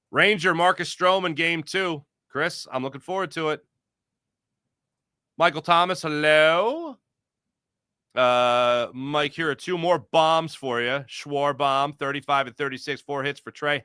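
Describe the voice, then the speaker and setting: A man hosts a live postgame sports podcast, reading out viewer comments with rambling, joking energy. His voice sits a bit high and rings very bright and forceful. The sound is dry and close, with no room around it. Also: smooth, dry recording.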